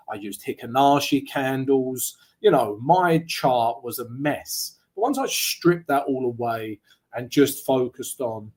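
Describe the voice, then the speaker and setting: A man's voice: mid-range voice, darkish tone. A man walking viewers through his market analysis in a casual, chatty way, often tagging lines with "right?" and joking along the way. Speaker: trading analyst. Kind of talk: live market analysis walkthrough.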